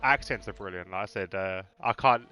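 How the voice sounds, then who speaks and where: A man from East London with a Cockney accent softened by a faint Birmingham lilt, his voice bright and forward. He commentates on a sim race in a loose, chatty way, laughing easily and slipping into other accents. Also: lowish voice, brisk, soft background music. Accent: Cockney with a slight Birmingham twang. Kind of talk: casual live sim-racing commentary.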